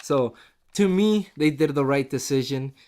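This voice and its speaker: A man giving a casual spoken review, excitable and chatty and quick to laugh. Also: mid-range voice. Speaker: show reviewer.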